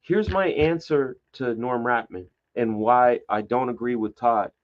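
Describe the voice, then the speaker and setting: A man's voice: mid-range voice, measured pace, highs cut off. A man telling stories in a casual podcast chat, swearing freely and acting out what others said. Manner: animated storyteller, swears, acts out quotes. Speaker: comic book artist guest.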